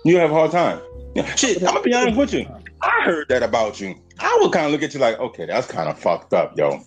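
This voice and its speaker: A man's voice: on the high side, huge pitch swings, fast, soft background music. A man hosting a casual podcast, cursing freely and lecturing his listeners directly. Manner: profane, preachy, addresses listeners directly. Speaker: podcast host.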